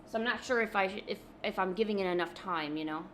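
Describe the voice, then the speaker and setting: A woman's voice: medium pitch, fast talker, a bit bright, a little hiss or hum. A woman art streamer in casual live-stream chat, rambling and chatty, with many ums.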